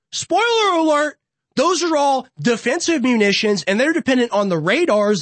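A man's voice: high-pitched, fairly bright tone, dry recording. A young man hosting a political show from a studio, delivering an impassioned, ranting monologue full of repeated rhetorical build-ups. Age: young adult. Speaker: political podcast host.

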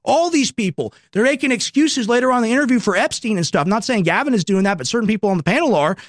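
A man's voice: high voice, animated, quick pace, no room sound, studio quality. A young man in his twenties, hosting a radio show, delivering a political commentary monologue with emphatic, repeated rhetorical questions. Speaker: radio host.

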